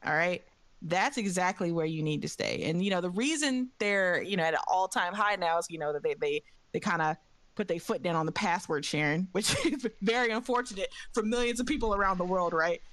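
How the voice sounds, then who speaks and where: Laid-back, lower-voiced woman guest. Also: brisk, fairly bright tone, no room sound. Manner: laid-back, laughs often, many fillers. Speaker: podcast guest. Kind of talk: casual chat.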